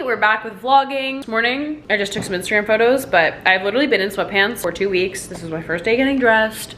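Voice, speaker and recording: A woman's voice: medium pitch, fast talker, few pauses, pushed and bright, slight background noise. A woman vlogging to camera at home, chatting casually and filling her talk with "like". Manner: chatty, peppered with "like". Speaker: lifestyle vlogger.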